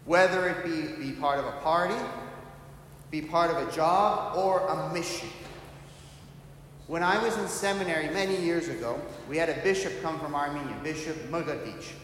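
A man's voice: a little high, normal speed, a bit bright. A middle-aged man, a priest, preaching a sermon in a storytelling manner and acting out the voices of the people he quotes. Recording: very echoey church hall, long reverb, faint noise.

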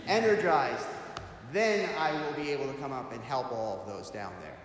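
A man's voice: medium pitch, moderate pace, close to an everyday voice. A man playing a stubborn young monk. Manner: pleading refusals, earnest. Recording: echoey hall, faint hiss.

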